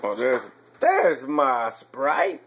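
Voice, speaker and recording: Slow-talking dad coaxing his toddler. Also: mid-range voice, wildly swooping pitch, noisy background. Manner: slow, coaxing, laughing often. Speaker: father feeding his toddler. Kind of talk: casual home video chat.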